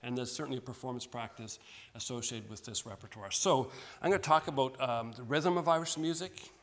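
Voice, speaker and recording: A man's voice: mid-range voice, a little fast. A man giving an informal, friendly music lecture, self-deprecating and often restarting his sentences. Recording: long hall reverb.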